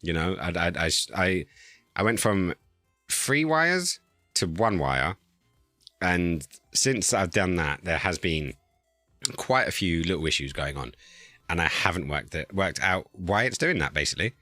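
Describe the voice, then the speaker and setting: Man, streamer, casual chat, deep, animated, dry sound. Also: a little slow, dry recording, faint music behind. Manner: chatty, flustered while fixing audio settings. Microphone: new desk microphone.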